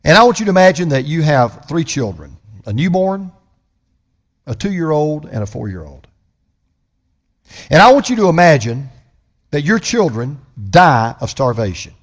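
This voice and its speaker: A man preaching a sermon as pastor, impassioned, swinging from loud proclamation to hushed storytelling. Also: fairly high pitch, big pitch swings, moderate pace, pauses often.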